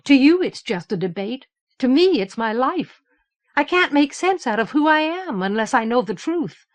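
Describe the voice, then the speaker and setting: A woman voicing a determined young woman in an audiobook, speaking insistently with a raised, forceful voice. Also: sits high, measured pace, pitched above the performer's own voice. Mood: urgent. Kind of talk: audiobook character reading.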